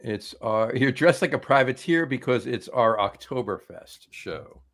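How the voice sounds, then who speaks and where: A man's voice: medium pitch, expressive, measured pace, fairly bright tone. A man hosting a beer podcast, chatting casually and telling jokes with lots of fillers and restarts. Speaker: podcast host.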